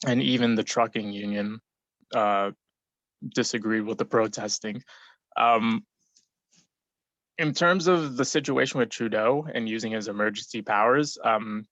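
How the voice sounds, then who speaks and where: Young man in a group discussion, lower voice, rambling and filler-heavy, on a dull, dry lo-fi mic. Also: a bit bright, dry recording. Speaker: forum participant. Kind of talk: casual discussion contribution.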